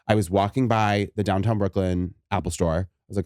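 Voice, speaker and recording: A man's voice: deep voice, a little fast, no room sound, studio quality. A man co-hosting a podcast, ranting with lots of swearing in a casual chat. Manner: animated ranting, swears a lot. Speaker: podcast co-host.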